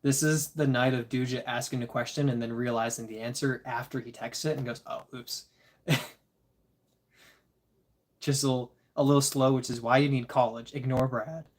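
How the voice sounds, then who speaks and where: Worn-out guy rambling to his stream chat, laid back, chuckles a lot, mid pitch. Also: steady tone, moderate pace. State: tired. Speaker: disc golf livestreamer reading chat. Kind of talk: casual live-stream chat.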